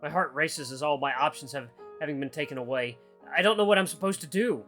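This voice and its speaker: A man's voice: on the high side, fast talker. A man hosting a gaming channel, reading a visual novel aloud in first person and tossing in casual asides. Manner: expressive, casual asides between narration. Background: faint guitar music.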